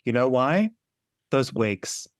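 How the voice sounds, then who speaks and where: A man's voice: medium pitch, slow, no room sound. Opinionated laughing man, dry close sound. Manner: animated, laughing, opinionated, repeats himself. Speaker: podcast co-host. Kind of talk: casual chat.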